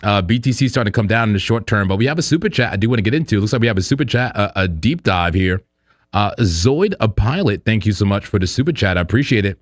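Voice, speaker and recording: Dude hosting a crypto stream, low voice, joking around a lot, dry sound. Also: male voice, quick pace, dry recording. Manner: animated and joking, with frequent fillers and laughs. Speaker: host of a crypto trading livestream. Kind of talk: casual live-stream chat.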